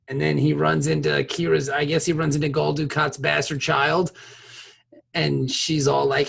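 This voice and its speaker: A podcast co-host recapping an episode with profane jokes, frequent laughter and animated voices for the characters. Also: female voice, low voice, unhurried, creaky, slightly rough. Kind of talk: crude comedic recap.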